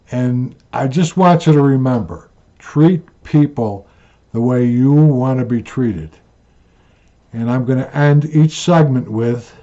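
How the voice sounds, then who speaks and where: A man's voice: fairly high pitch, dark tone. A man hosting his own rant channel, telling stories in a blunt, repetitive, plain-spoken way. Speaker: channel host. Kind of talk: ranting vlog storytelling. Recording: dull lo-fi sound.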